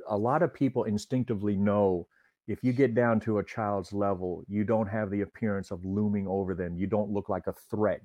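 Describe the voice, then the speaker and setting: A man who trains people in de-escalation, answering interview questions in a measured, explanatory way. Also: fairly low pitch, dark tone, no room sound. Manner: measured, explanatory, some restarts. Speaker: guest, de-escalation instructor.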